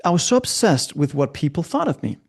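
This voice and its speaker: A middle-aged man, a coach and guest, telling stories in an animated way and acting out the people he quotes. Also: fairly high pitch, brisk, gravelly, husky. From Scandinavia. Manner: lively, acts out quoted voices. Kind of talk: animated storytelling.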